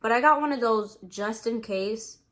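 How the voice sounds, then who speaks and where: A young woman in college, chatting casually to camera as a vlogger while eating, relaxed and rambling with many fillers. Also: on the high side, moderate pace. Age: young adult. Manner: relaxed, rambling, lots of "like" and "you know".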